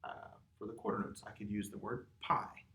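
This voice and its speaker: A man's voice: on the low side, little pitch movement, moderate pace, sharp tone. A man teaching a music lesson, patiently explaining rhythm and counting beats and chanted words aloud. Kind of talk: classroom lesson. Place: classroom or studio with a board. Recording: echoey room.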